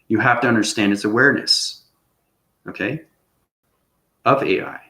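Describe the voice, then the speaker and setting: A lower-pitched man with a sharp tone speaks at a moderate pace, hosting his channel with an improvised spiritual monologue. He wanders from point to point and says "okay?" again and again, his voice echoing in the room.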